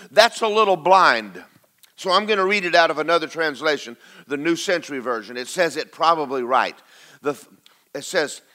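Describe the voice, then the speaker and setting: Bright-voiced preacher man. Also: a little high, fairly quick. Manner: emphatic, repeats lines for stress, calls out to the congregation. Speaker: pastor. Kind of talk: sermon.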